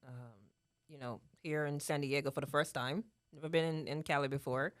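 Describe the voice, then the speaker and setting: A woman's voice: low voice, fairly even intonation, brisk, no echo, studio quality. A woman in her thirties from Jamaica with a Jamaican accent, talking earnestly in a casual chat and often asking "right?". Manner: earnest, repeats herself, laughs often, tags "right?". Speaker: guest speaker. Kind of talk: casual talk.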